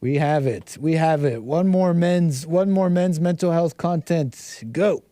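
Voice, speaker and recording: A man's voice: on the high side, unhurried, mellow, slight background noise. A man hosting a livestream, reacting to videos with rambling, repetitive, mocking commentary. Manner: rambling, repeats himself, mocking asides. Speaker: livestream host.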